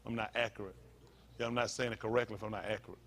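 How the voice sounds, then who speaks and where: Bright-voiced preacher man, fervent. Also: on the low side, fairly even intonation, racing. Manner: preachy, repetitive, rising to loud emphatic peaks. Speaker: pastor. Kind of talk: sermon.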